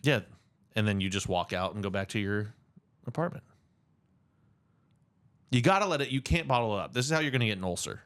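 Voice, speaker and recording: A young man co-hosting a casual podcast, joking and lively, breaking into mock yells. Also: lowish voice, brisk, long pauses. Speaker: podcast co-host. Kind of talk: casual chat.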